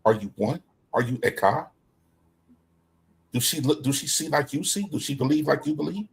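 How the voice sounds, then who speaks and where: A man's voice: fairly high pitch, animated, moderate pace, vocal fry, slight background noise. A middle-aged man in casual scripture discussion, talking in an emphatic, preacher-like way. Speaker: co-host.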